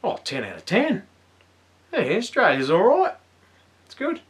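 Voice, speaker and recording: A man with a New Zealand accent, a guest chatting in a relaxed, joking way. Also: sits high, a little slow. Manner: laid-back, joking. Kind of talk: casual chat.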